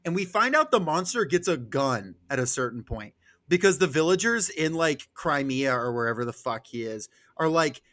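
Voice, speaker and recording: A man's voice: on the high side, big pitch swings, moderate pace, sharp tone. A man co-hosting a casual book discussion, laid-back and joking, swearing now and then. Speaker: podcast co-host.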